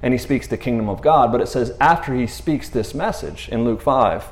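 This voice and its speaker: A man preaching casually, retelling scripture in an animated way with laughing asides. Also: mid-range voice, normal speed. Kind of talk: casual sermon.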